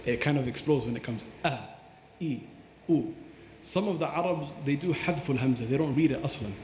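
A man's voice: mid-range voice, moderate pace, darkish tone, slight background noise. A man explaining Quran recitation on a podcast, breaking into recited Arabic phrases as he teaches. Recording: echoey hall with long reverb.

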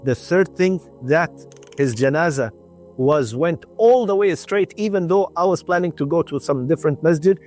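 A man with a slightly raised voice tells a devotional story in a sincere, earnest way. He often repeats his phrases to drive them home. Faint music plays quietly behind him. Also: fairly high pitch, lively intonation, moderate pace. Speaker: religious storyteller on radio.

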